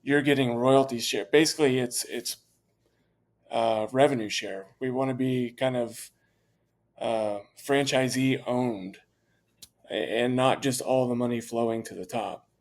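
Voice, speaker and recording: A man's voice: medium pitch, steady tone, a little slow. A man who owns a franchise, interviewed as a podcast guest, explaining his business in a confident, conversational way with many fillers and restarts. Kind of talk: candid interview talk.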